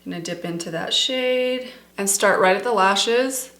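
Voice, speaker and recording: A middle-aged woman vlogger talks casually and enthusiastically while doing her makeup. Her voice sits at an ordinary pitch. The room around her rings with noticeable echo. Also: moderate pace, fairly bright tone. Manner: chatty, enthusiastic, addresses viewers as "you guys". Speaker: beauty vlogger. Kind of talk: casual makeup tutorial chat. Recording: echoey room.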